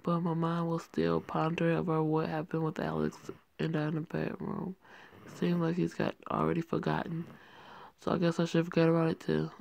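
A casual reader narrating a romance story, then griping about it in crude slang. The voice is gravelly and the recording close and dry. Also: medium pitch, monotone, normal speed, darkish tone, dry recording. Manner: profane, slangy, exasperated asides. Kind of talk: reading a story aloud with commentary.

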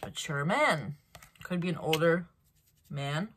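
Woman reading tarot solo, expressive up-and-down delivery, light hiss behind her. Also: sits low, takes it slowly. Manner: animated, acts out quoted reactions, hesitant restarts. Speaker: tarot reader.

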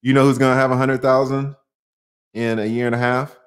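A man hosting a casual livestream, talking in an animated, rambling way with many restarts. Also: medium pitch, brisk. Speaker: livestream host.

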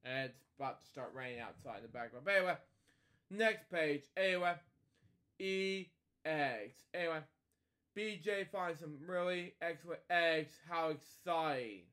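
A man's voice: a little high, moderate pace, fairly bright tone. A man casually reading a picture book aloud as a storytelling host, stumbling over words and wandering into rambling asides at home.

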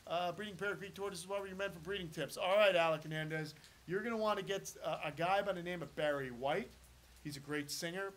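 A man's voice: on the high side, fairly bright tone, a little hiss or hum. A middle-aged man from the United States hosting a live stream, chatting loosely with viewers and rambling through their questions with lots of fillers and restarts. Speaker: host of a reptile channel.

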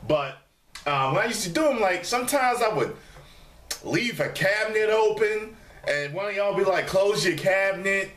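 A man vlogging casually to camera from the dining room of his studio apartment, animated and profane, and he mimics his commenters in a raised voice. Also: high-pitched, normal speed, roomy sound.

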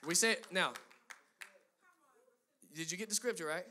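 A high-pitched man delivering a sermon in a bright, cutting tone. He builds emphatic runs of phrases, then turns to chatty asides aimed at his listeners. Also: unhurried. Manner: emphatic preaching with rising, driving lists; conversational asides to the congregation. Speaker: pastor.

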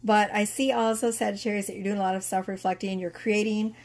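Hoarse-ish lady doing a tarot reading to camera, chatty, cusses casually, says um a lot. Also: medium pitch, fairly even intonation, fast, darkish tone. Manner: chatty, swears casually, many fillers. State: losing her voice. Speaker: tarot reader.

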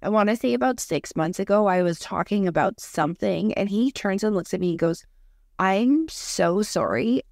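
A young adult woman co-hosting a podcast in casual chat, talking fast with lots of "like" and acting out quotes. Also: mid-range voice, gravelly, a little mellow, no room sound, clean studio sound. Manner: chatty, fillers like "like", acts out quotes. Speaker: podcast co-host.

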